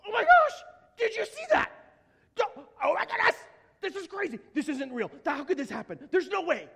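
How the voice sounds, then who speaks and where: A panicked, astonished disciple shrieks in disbelief at a very high pitch, as a preacher puts him on. The voice rings out with a long hall reverb. It is a sermon aside. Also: male voice, very animated, normal speed, gravelly, sharp tone, exaggerated voice. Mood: frantic.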